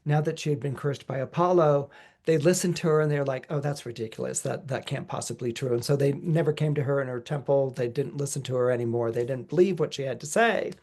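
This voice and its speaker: A man's voice: mid-range voice, fast. A middle-aged man, an astrologer, giving a podcast forecast in a loose, chatty way, full of "you know" and acted-out quotes. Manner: lively storyteller who acts out quoted voices.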